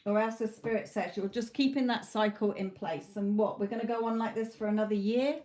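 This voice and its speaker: A British woman reads tarot on a live stream. She talks in a blunt, motherly way and keeps checking in with "okay?" Her pitch sits in the middle of the range. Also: fairly even intonation, brisk, mellow. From Britain. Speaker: psychic tarot reader. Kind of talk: live-stream reading, direct advice.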